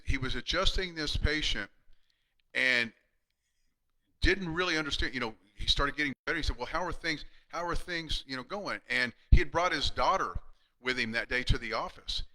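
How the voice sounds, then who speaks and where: Earnest bright-voiced man, emphatic. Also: on the high side, normal speed, low-quality recording. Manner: earnest, emphatic, frequent restarts, drops to a hushed tone when telling patient stories. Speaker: chiropractor speaking to fellow chiropractors. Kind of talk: live-streamed motivational talk.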